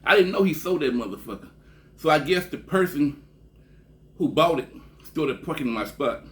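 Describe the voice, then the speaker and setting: A man from Texas telling a long, rambling story in a casual, profane way, often trailing off with a low "man" at the end of a phrase. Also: expressive, normal speed, a bit bright. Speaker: vlogger.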